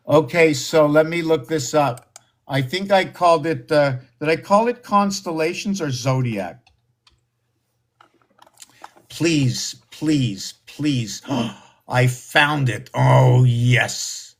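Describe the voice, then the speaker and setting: A man hosting a live stream, rambling excitedly and often slipping into a squeaky high falsetto. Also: slow pace. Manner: excitable, exclaims and gasps. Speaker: livestream host.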